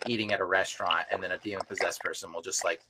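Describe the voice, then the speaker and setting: A young man chatting casually on a podcast as a deliverance minister, telling animated stories full of filler words. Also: sits low, very fast. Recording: noisy live recording with clicks.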